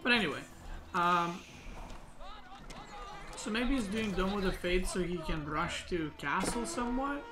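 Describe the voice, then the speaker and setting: A man sits at a desk microphone, casually breaking down a recorded match and thinking out loud. His voice sits a touch high and he leans on "like" and "right?" as fillers. Music plays clearly underneath him. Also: lively intonation, a little slow, long pauses. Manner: thinks aloud, filler-heavy, says "like" and "right?" a lot. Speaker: game analysis host.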